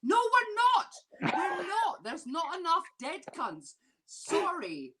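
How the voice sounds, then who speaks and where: A woman's voice: very high-pitched, huge pitch swings, takes it slowly, bright, forceful tone. A woman comedian ranting and swearing in a drunken comedy chat over a video call. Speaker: comedian guest.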